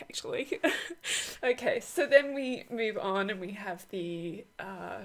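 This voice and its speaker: A woman's voice: medium pitch, lively intonation, takes it slowly, creaky. A woman author chatting casually through an unboxing walkthrough, rambling with many fillers and frequent laughs. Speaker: oracle deck author.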